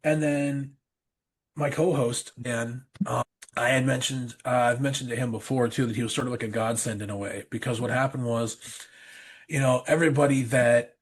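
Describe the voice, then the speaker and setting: A man's voice: medium pitch, fairly even intonation, moderate pace, husky. A man, a pastor guest on a podcast, earnestly telling a personal story in a rambling way, often repeating himself.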